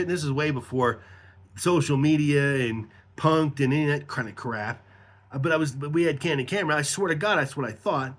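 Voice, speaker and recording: A man's voice: a little high, moderate pace, pauses often, fairly bright tone. Profane middle-aged man telling a story. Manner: profane, rambling, laughs mid-story. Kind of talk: casual storytelling.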